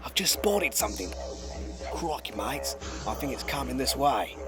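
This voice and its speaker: A man's voice: mid-range voice, sing-song, moderate pace, gravelly. A man putting on a bad Australian bloke. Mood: boastful. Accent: put-on Australian. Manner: over-the-top, exclamatory. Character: brash male Australian adventurer robot builder. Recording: loud music under voice.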